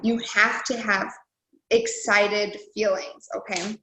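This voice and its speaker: Woman, casual motivational speaker, animated and chatty, roomy echo on the call audio. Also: medium pitch, takes it slowly, background noise. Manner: chatty, animated, lots of "like" and "you guys". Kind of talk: motivational video call talk.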